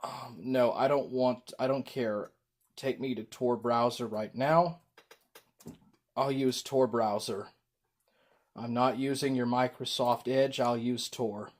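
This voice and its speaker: Male livestreamer, slow and rambling, mid pitch, casual chat. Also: steady tone. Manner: rambling, slow, with frequent ums.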